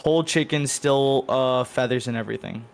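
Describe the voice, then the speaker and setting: A laid-back young man telling a story with dry humor on a casual podcast. His voice sits at an ordinary mid pitch. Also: moderate pace, vocal fry, crowd noise. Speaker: podcast co-host.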